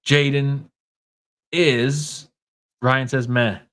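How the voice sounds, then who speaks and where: A man's voice: medium pitch, fairly even intonation, extremely slow, fairly bright tone. A man with a Minnesota accent hosting a casual livestream, talking in a wry, offhand way and reading comments from the chat aloud. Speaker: podcast host.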